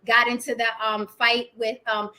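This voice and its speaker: High, bright-voiced blunt woman vlogger. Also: level tone, moderate pace. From Puerto Rico. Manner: blunt, swears freely, asks the audience "right?" often. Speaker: vlog host and actress. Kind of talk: casual opinion monologue to camera.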